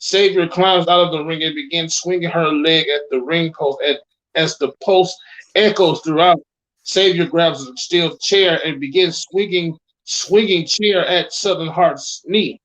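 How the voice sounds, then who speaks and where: A man's voice: fairly high pitch, measured pace, a bit bright, rough recording. Man reading out wrestling action. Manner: stumbles over words while reading, adds reactions. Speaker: co-host. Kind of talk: reading a scripted wrestling storyline.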